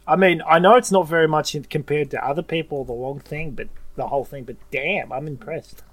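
A man's voice: fairly high pitch, a little fast. A man co-hosting a casual podcast, teasing his partner and laughing often. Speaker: podcast co-host. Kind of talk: casual chat. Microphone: headphones and studio mic.

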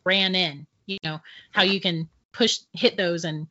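A middle-aged woman, a podcast guest, telling a personal ghost story in an animated way and laughing often between sentences. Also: fairly low pitch, unhurried, a crowd in the background. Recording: dull lo-fi audio.

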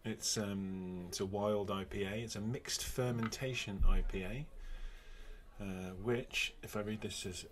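Host: British man, lowish voice, relaxed chatty delivery, recorded from home. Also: a little slow. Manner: relaxed, chatty, with fillers and restarts. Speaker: podcast host. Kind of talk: casual chat and scripted episode intro. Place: home, remote call.

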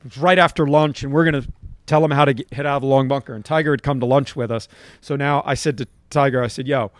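A man's voice: medium pitch, fairly even intonation, fast talker, no echo. A middle-aged man, a golf coach on a podcast, telling stories emphatically and checking in with "right?". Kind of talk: animated anecdote-telling in conversation.

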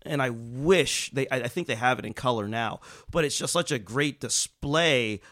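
A man telling a sports history story on a podcast in a casual, animated way, acting out quotes and swearing freely. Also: normal speed, no room sound, studio quality. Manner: animated, acts out quotes with big pitch jumps and swearing.

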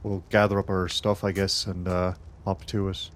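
A man's voice: deep voice, flat delivery, moderate pace. A man playing a tabletop game in character, easygoing and chatty. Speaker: player.

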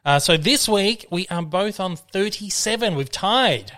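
An Australian man hosting a casual home podcast, with a voice pitched a little high. He chats easily, laughs often and reads listener emails aloud. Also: animated, unhurried, bright, forceful tone. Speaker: podcast host. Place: home dining room.

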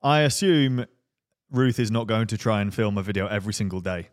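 A man's voice: lowish voice, fairly quick, no room sound, clean studio sound. A man co-hosting a podcast, making short jokey remarks. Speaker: podcast co-host. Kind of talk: casual podcast chat.

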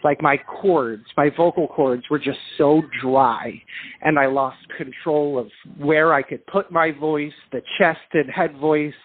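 A man from England calls in as a guest and talks in an animated, self-deprecating rush, often restarting his sentences. His voice sits fairly high. It comes through a tinny, narrow phone line. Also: unhurried. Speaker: guest singer and dancer. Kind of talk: casual storytelling over the phone. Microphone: telephone.

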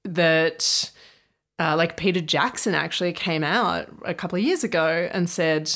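A woman co-hosting a pop culture podcast, chatting casually, lively and quick to laugh and swear. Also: fairly low pitch. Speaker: podcast co-host.

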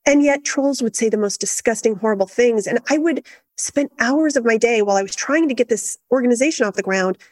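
A middle-aged woman, a guest in an interview, telling her story in an earnest, steady and reflective way. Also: fairly high pitch, a little fast, no room sound. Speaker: guest, activist founder.

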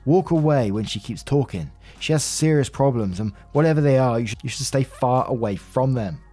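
A male host reads online posts in a chatty, conversational way and comments on them with apologetic asides. His voice sits at a middling pitch. A soft music bed plays faintly behind him. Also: brisk. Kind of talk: casual reading and commentary.

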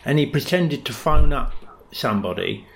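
A man's voice: medium pitch, animated, normal speed, gravelly. A man from England co-hosting a podcast, rambling through comic anecdotes with dry jokey asides. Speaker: podcast co-host. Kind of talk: casual chat, comic anecdotes.

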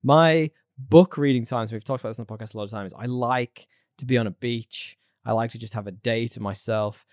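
A chatty man co-hosting a podcast, talking loosely and laughing often. His voice sits at an ordinary middle pitch. The sound is dry and close, with no room around it. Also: brisk, no echo. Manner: chatty, laughs easily, playful. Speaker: podcast co-host. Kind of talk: casual chat.

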